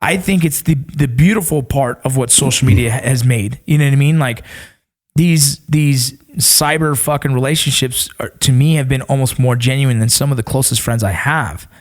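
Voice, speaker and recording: A man in a casual podcast chat, telling stories in an animated, profane way and acting out quoted voices. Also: mid-range voice, normal speed.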